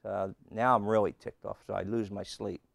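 A pastor preaching a sermon and telling a humorous story, with lots of rhetorical questions. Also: male voice, fairly low pitch, level tone, moderate pace, creaky, no room sound. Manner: humorous, repeats key lines.

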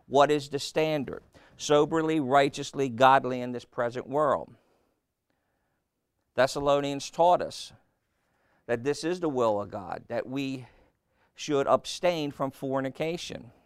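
Gravelly emphatic preacher man. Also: mid-range voice, a little slow, long pauses, dry recording, studio quality. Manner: emphatic, rhetorical questions, repeats phrases for effect. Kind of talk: sermon.

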